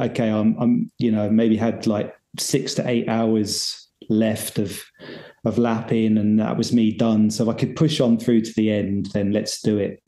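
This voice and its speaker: A man's voice: lowish voice, dark tone, reverberant. A man guesting on a podcast, telling a rambling, self-deprecating story with lots of restarts. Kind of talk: casual storytelling.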